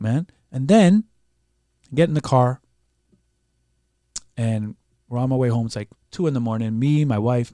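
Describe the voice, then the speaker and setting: A Canadian man, appearing as a podcast guest, tells a story in a casual, animated way, swearing freely and acting out what other people said. His voice sits in the mid range, and the recording is dry with studio quality.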